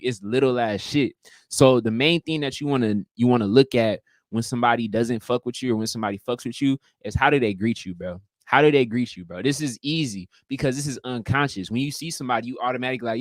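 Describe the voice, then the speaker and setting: A man's voice: medium pitch, fast talker, no room sound. A man hosting a casual livestream, talking in a profane, emphatic way and acting out greetings. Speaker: livestream host.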